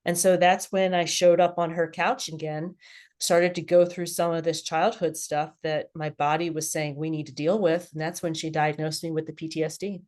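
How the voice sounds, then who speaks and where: A woman's voice: sits low, moderate pace. A middle-aged woman, a podcast guest, telling her personal story candidly and with animation. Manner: candid, animated, laughs at herself.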